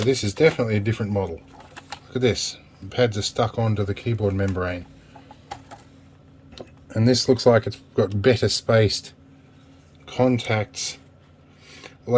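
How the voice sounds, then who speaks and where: An Australian man talks his way through a repair job at his workbench, chatty and a bit self-deprecating. His voice sits fairly low. A faint hiss of background noise runs under the recording. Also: a little mellow. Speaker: repair video host. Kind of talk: casual workbench narration.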